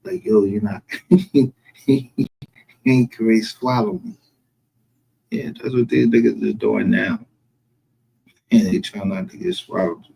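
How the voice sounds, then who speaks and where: Husky laughing Southern streamer man. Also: on the low side, unhurried, pauses often, dark tone, low-quality recording. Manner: profane, laughing, mocking. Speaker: streamer host. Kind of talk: casual livestream commentary.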